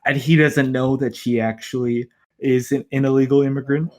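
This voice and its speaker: Rambling man, podcast co-host, mid-pitched voice, casual chat, lots of filler words. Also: little pitch movement, moderate pace.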